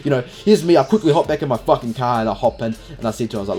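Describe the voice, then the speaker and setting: A man's voice: medium pitch, expressive, racing, warm tone, soft background music. A young man telling a rambling story in a casual vlog, swearing constantly and filling every gap with "you know". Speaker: vlogger.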